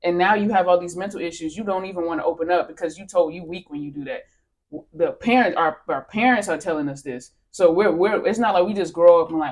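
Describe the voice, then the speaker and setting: A woman speaking emphatically in a casual podcast chat, telling stories with animated, punchy delivery. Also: fairly low pitch, quick pace.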